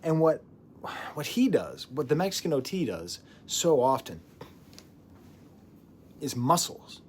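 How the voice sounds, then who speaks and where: A man giving a casual album review as a music reviewer, animated and digressive, laughing often and dropping into whispers. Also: a little high, slow, a little hiss or hum.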